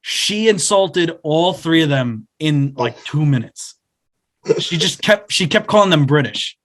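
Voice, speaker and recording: A young man in his twenties spins a long, rambling story on a podcast, slipping into quick imitations of the people in it. His voice sits a touch high for a man, and his talk stays loose and casual. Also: animated, a bit bright. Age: 20s. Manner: rambling anecdote with acted-out quotes. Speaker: podcast co-host.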